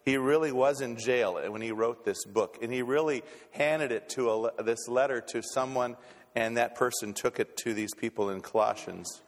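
A man's voice: medium pitch, moderate pace. Preaching man in an echoing hall. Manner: repeats words on restarts, folksy. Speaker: pastor. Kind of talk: sermon. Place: church sanctuary. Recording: long reverb in a church hall.

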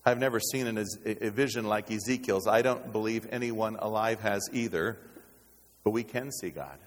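A man preaching a sermon as pastor, with dynamic delivery that swings from loud exclamations to hushed low tones. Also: moderate pace. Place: church sanctuary. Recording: reverberant hall.

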